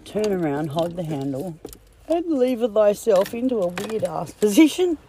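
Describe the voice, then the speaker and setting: A woman's voice: mid-range voice, big pitch swings, moderate pace, dark tone, a little hiss or hum. A woman vlogging casually on a phone from a car and a clinic, blunt, joking and full of swearing. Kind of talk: casual vlog chat.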